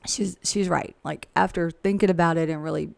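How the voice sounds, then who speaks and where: A woman's voice: on the low side, steady tone, a little fast, creaky. A woman who works as a real estate agent and coach, talking frankly and chattily in a casual interview. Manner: chatty and frank, with laughs and asides.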